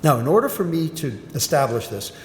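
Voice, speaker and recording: A man's voice: very animated, a little fast. An older man giving a medical lecture, emphatic and punchy, often asking and then answering his own questions. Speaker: physician giving a grand rounds lecture. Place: lecture hall. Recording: roomy hall echo with faint rumble.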